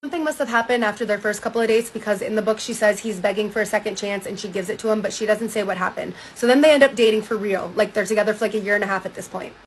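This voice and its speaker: A woman's voice: medium pitch, very fast, few pauses, slight background noise, low-quality recording. A woman giving a breezy, gossipy, casual recap of a book, now and then acting out quotes.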